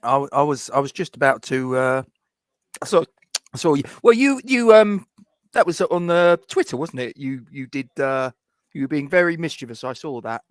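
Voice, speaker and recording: A man's voice: medium pitch, expressive, normal speed. A man joining a fan live stream as a guest, bantering playfully with stammering restarts. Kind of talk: casual banter.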